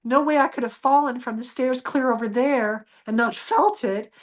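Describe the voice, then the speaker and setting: A woman's voice: on the high side, moderate pace. A woman guest in an interview, earnestly telling a personal story and acting out the dialogue she remembers.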